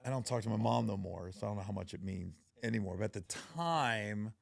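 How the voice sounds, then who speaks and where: A man hosting a podcast, telling personal stories in a casual, animated way and acting out the people in them. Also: fairly low pitch, fast, creaky. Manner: animated storyteller, acts out quoted voices, laughs often. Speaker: podcast host. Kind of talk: casual storytelling chat.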